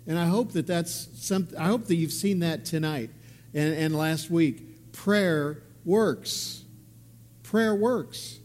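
A man preaching as a pastor, slow and emphatic, repeating key phrases. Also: a little high, a little mellow. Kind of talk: sermon. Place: church with congregation.

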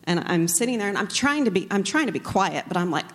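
A woman's voice: medium pitch, sing-song, fast, few pauses, fairly bright tone. A woman speaking casually at a church talk, chatty and self-deprecating as she tells a personal story. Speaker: co-speaker, pastor's wife. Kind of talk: casual sermon talk with anecdotes. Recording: long reverb of a large hall.

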